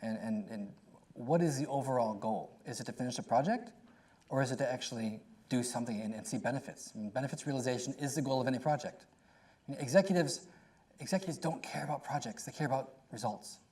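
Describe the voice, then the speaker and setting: A middle-aged man speaking on a panel in a conversational way, telling stories with quick asides. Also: mid-range voice, darkish tone.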